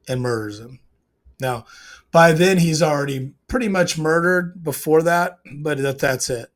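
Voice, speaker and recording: A man's voice: a little high, measured pace. A man casually breaking down a TV scene, emotional and hesitant, restarting his sentences often. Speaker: show reviewer.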